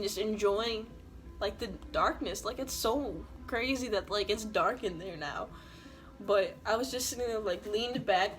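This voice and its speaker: A woman's voice: medium pitch, a bit bright. A young woman telling a casual storytime vlog, slangy and full of swearing and "like" fillers. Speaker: vlogger.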